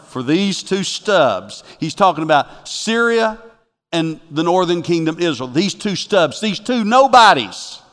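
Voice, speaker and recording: A man preaching a sermon as a pastor, animated and swinging from loud to hushed. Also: fairly high pitch, big-room sound.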